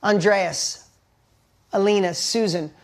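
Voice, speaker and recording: A man coaching a live online workshop, talking in an energetic, emphatic way and reading viewers' messages aloud. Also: sits high, slow. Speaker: motivational coach.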